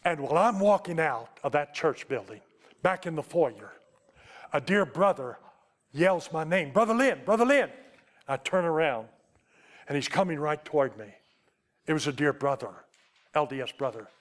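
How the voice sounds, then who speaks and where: A man preaching a storytelling sermon, giving an emotional testimony that slows to a hush at its tender points. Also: fairly high pitch, expressive. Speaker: Baptist preacher.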